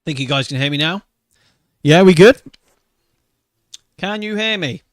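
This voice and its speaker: A man's voice: a little high, animated, measured pace, dry recording, clean studio sound. A man, hosting a casual wrestling podcast. He talks with enthusiasm and emotion and swears freely. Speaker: podcast host. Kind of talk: casual wrestling review chat.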